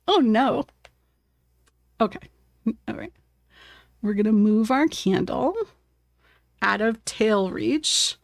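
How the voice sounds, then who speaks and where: A woman with a slightly high voice talks slowly and easily on a live art stream from her desk at home. She chats with her cat and her viewers and laughs often. The sound is close and dry. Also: animated, vocal fry, no room sound. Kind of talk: casual live-stream chat while painting.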